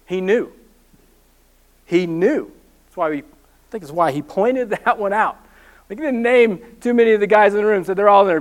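A man preaching a sermon as pastor, telling a personal story with animated, self-mocking humor. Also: high-pitched.

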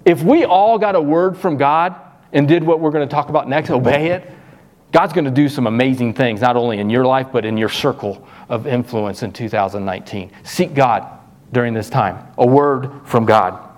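A middle-aged pastor preaching a sermon, animated, his voice jumping up when he acts out questions to God. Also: brisk. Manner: animated, voice jumps high when acting out questions.

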